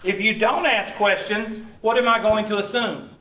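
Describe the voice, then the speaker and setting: Man, teasing sarcastic instructor, high voice, distant dull classroom recording. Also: steady tone, moderate pace, bright, forceful tone, roomy sound. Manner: teasing, sarcastic, full of rhetorical questions. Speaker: college instructor. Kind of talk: classroom lecture. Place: large classroom.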